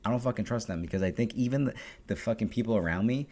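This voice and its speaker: A young man hosts his podcast solo, delivering a casual monologue that is blunt, fast-talking, and constantly profane. His voice is on the low side with a somewhat dark tone.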